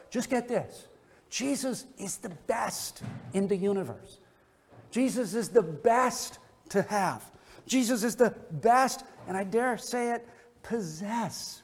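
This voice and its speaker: A male pastor delivers a sermon with a high voice, repeating his key phrases for emphasis. His words ring out with a long echo in a church sanctuary. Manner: emphatic preaching with repetition. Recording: long reverb of a church hall.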